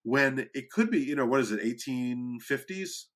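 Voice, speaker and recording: A man co-hosting a podcast in loose, casual chat. His voice is bright and forceful. He rambles, restarts his sentences, and sounds amused by his own ideas. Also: medium pitch, animated, moderate pace. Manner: rambling, self-interrupting, amused. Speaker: podcast co-host.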